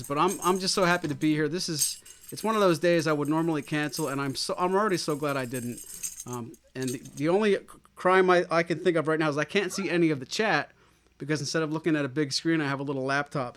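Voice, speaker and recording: A man's voice: fairly high pitch, a bit bright. A man hosting a music livestream on an old microphone, upbeat and chatty, talking straight to viewers. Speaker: host. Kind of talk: casual livestream chat.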